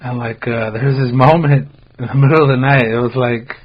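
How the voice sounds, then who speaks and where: A man's voice: mid-range voice, steady tone, brisk, slightly rough, muffled recording. An American man hosting a podcast, telling a rambling story in casual chat, full of "like" fillers and swearing. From United States. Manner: laid-back, rambling, heavy on "like" fillers and swearing. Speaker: podcast host.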